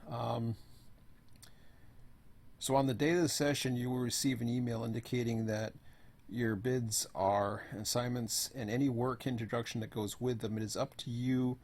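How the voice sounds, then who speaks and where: A hoarse man who is losing his voice gives a rambling, offhand walkthrough as host of an online server. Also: mid-range voice. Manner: rambling, offhand, says "blah, blah, blah". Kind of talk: casual screen walkthrough.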